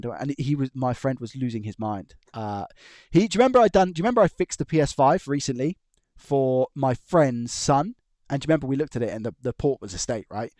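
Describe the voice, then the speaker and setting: A man's voice: medium pitch, lively intonation, a little fast, darkish tone, no room sound, studio quality. A man chatting casually on a live stream from his room, rambling and chuckling as he tells stories and restarts his sentences. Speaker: electronics repair live streamer. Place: his own room at home.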